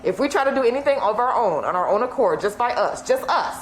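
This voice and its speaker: A woman's voice: a little high, animated, quick pace. A woman co-hosting a casual podcast discussion, emphatic and repeating phrases for effect. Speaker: podcast co-host. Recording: echoey room with faint hiss.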